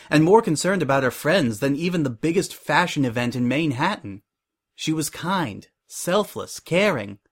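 A man narrating a fan-fiction story in a steady reading voice. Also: on the high side, husky.

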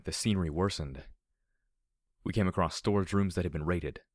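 Man narrating a grim audiobook, super low voice, steady and measured, dead dry sound. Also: dry recording. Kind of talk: audiobook reading of dark fan fiction.

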